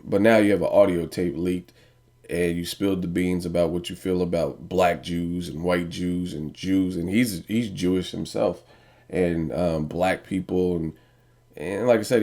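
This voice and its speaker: A man's voice: deep voice, dark tone. A man giving a blunt, profane opinion rant to camera, often asking "you know what I mean.". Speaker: boxing vlogger.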